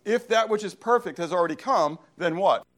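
A man's voice: sits high, expressive, brisk, fairly bright tone. Emphatic male preacher asking call-and-response questions. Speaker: pastor. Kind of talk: sermon.

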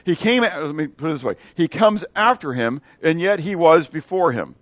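His pitch sits fairly high and his pace is moderate as this pastor gives an expository sermon, taking the text verse by verse. The audio has no echo. Animated throughout, he questions the congregation and acts out the dialogue with shifting voices.

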